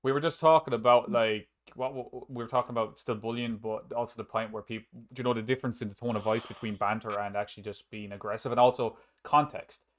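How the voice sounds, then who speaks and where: A man's voice: medium pitch, fairly even intonation, fast, hardly any pauses. A man hosting a casual podcast chat, rambling with frequent restarts and casual swearing. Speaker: podcast host and streamer.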